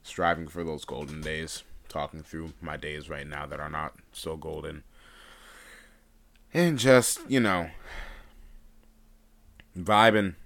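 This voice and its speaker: A man's voice: a bass voice, a bit bright. A young man hosting a solo podcast, rambling and unscripted with lots of fillers and restarts, his voice still groggy from just waking up. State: groggy morning voice. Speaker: podcast host.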